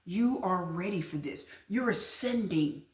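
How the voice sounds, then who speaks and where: A woman's voice: on the low side, lively intonation, measured pace, roomy sound. A woman giving a casual tarot reading to camera, emphatic and chatty, repeating her points to the viewers. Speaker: tarot reader.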